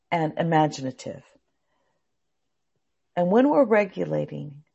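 Low, gravelly woman teaching a class. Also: a little mellow. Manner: explanatory, acts out anxious inner thoughts. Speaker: anxiety technique teacher.

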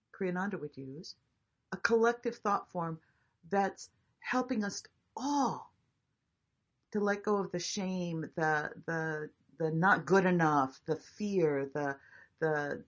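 A woman facilitating a group discussion, reflective and encouraging, talking in halting restarts. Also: lowish voice, highs cut off.

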